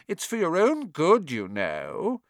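A man's voice: on the high side, wildly swooping pitch, slow pace, dry recording, studio quality, voice pushed up, heavily acted. A man voicing a cackling, mischievous male poltergeist with a taunting sing-song voice in an audiobook. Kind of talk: audiobook character voice.

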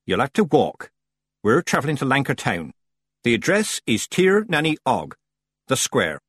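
A flinty old witch over sixty who gives orders in clipped, frosty tones, as a man reads her. The delivery is husky and dry, rising and falling widely. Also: medium pitch, wildly swooping pitch, normal speed, fairly bright tone, dry recording, pitched above the performer's own voice, full character voice. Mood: stern. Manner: clipped, cold and commanding. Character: stern, icy old woman witch.

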